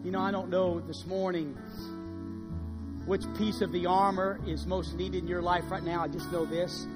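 A middle-aged man preaching a sermon as pastor, dynamic, swinging between hushed and loud delivery. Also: high-pitched, flat delivery, normal speed, big-room sound, over loud music. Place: church sanctuary.

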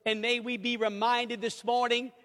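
A middle-aged man preaching a sermon, animated, acting out little conversations and swinging between loud and hushed. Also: extremely high pitch, normal speed. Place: church sanctuary. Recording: reverberant hall.

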